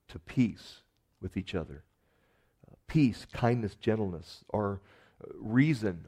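A man preaching a sermon in an earnest manner, building to emphatic rises and sinking to soft, quiet endings. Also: on the low side. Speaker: pastor.

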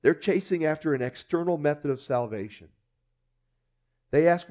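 A man preaching a sermon with animated delivery, acting out the voices of people he quotes and often repeating words. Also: mid-range voice, normal speed. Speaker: pastor.

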